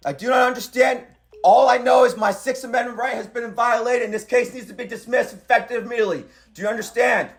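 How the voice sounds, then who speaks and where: A man's voice: very high-pitched, steady tone, quick pace. A man on speakerphone arguing insistently, repeating himself and talking over the other person. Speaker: caller. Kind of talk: heated phone argument.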